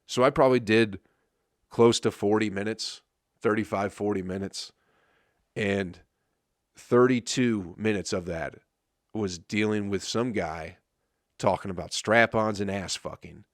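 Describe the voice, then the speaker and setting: A man's voice: lowish voice, unhurried, pauses often, no room sound, clean studio sound. A man who is a comedian, telling rambling, profane stories on his podcast and laughing at them. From Flint, Michigan. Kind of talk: casual storytelling monologue.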